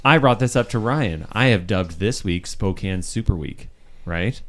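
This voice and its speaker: A man on a casual podcast, eagerly pitching ideas, who calls his own voice monotone. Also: unhurried. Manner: eager, self-described monotone. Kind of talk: casual banter.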